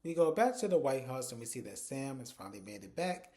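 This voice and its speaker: Man, mellow tone, casual episode recap, chatty storytelling. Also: mid-range voice, big pitch swings, fairly quick. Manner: chatty storytelling, strings events with "and so" and "like". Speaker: TV episode reviewer.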